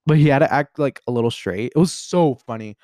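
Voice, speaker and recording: A man's voice: mid-range voice, brisk, dark tone, no room sound, clean studio sound. A young American man hosting a casual solo podcast, rambling along with lots of "like" and restarts in a playful way. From United States. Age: young adult. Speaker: podcast host.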